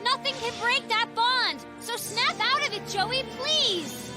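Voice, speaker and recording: An earnest teenage cartoon girl with a very high, heartfelt, pleading voice. Music plays clearly beneath her. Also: slow pace. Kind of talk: cartoon dub acting.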